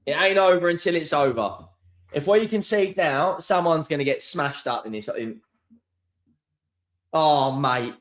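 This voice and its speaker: Young man, football watchalong host, higher register, slow-paced, sweary, volatile between shouting and mumbling. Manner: excitable, swears, swings from shouting to muttering. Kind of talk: live match watchalong reaction.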